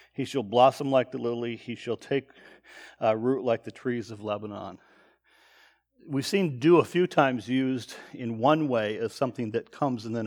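A man teaches from scripture verse by verse in a mid-range voice. He reads each passage aloud with extra lift, then settles into steady explanation. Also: medium pitch. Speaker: preacher.

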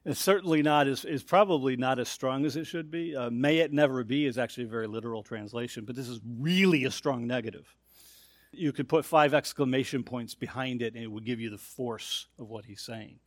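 A man's voice: mid-range voice, brisk, no room sound, clean studio sound. A man preaching an expository sermon, explaining a text point by point and putting hard stress on the key phrases.

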